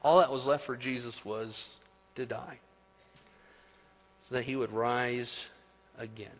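A man preaching a sermon, building to loud, emphatic peaks and then dropping to soft, slow phrases. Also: medium pitch, steady tone. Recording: long hall reverb.

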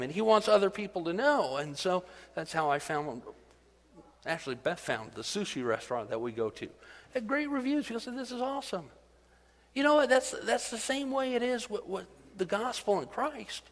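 A middle-aged man preaching a sermon in a conversational, animated way, building to excited emphasis. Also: high-pitched. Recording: long hall reverb.

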